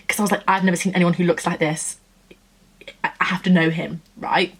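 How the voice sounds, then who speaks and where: A woman in her twenties from England, telling a story in a gushing, chatty vlog style and acting out what people said. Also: on the low side. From Nottingham, England. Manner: chatty, gushing, acts out quotes. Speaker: vlogger. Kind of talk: casual storytelling chat.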